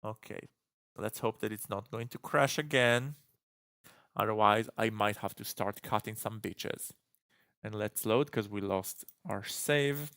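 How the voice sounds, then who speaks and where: A man's voice: fairly low pitch, unhurried, fairly bright tone, smooth, no echo, studio quality. A man chatting through a live game stream, with exasperated self-talk.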